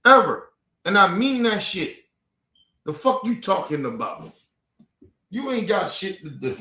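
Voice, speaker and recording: Casting note: furious man venting, high bright voice, echoey room, profane and repetitive. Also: sing-song, measured pace. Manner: heated, profane, repetitive outbursts. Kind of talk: angry personal rant.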